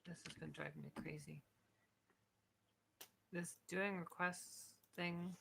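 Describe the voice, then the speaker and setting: A woman's voice: on the low side, steady tone, slow, vocal fry, sharp tone, slight background noise. A woman streaming live, grumbling in frustration and swearing in casual chat before reading a book aloud.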